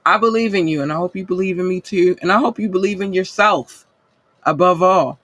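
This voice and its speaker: A man with a husky, slightly breathy voice and a fairly high pitch for a man talks straight to his listeners. He hosts a podcast and gives a blunt, cursing pep talk, calling them babe and baby as he urges them on. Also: fairly quick, fairly bright tone, dry recording. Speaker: podcast host. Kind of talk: casual motivational monologue.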